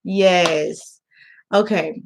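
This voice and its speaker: A woman's voice: on the low side, steady tone, very slow, gravelly, slight background noise. Woman tutor telling an emotional story. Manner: emotional storytelling, acts out quotes. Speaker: online English tutor. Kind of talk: casual chat to camera.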